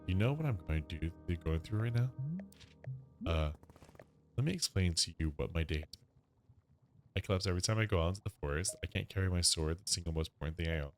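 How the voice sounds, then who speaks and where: A man's voice: low-pitched, lively intonation, fast talker, pauses often, faint music behind. A man voicing a blunt, impatient young woman, a former fighter, who talks in a pushy, curt way.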